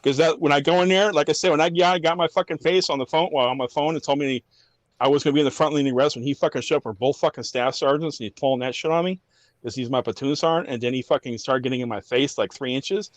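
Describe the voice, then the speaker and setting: A man talks quickly and bluntly, swearing often as he tells an army veteran's stories. The recording is very dry and close, with no room sound. It comes across as a relaxed podcast chat with rapid delivery. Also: a little high, dry recording. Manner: profane, blunt storytelling. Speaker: army veteran and former drill sergeant.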